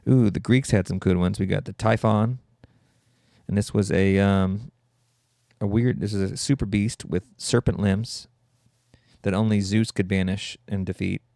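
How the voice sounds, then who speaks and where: A man hosting a comedic solo podcast, irreverent and joking with quick asides. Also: on the low side, fairly even intonation, vocal fry, mellow, no echo, clean studio sound. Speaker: podcast host.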